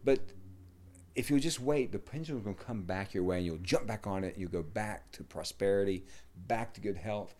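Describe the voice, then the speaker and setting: A middle-aged man, a yoga teacher, talking in a rambling, casual way, swearing and dropping to low mutters. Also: a little fast, dark tone. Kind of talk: casual podcast conversation.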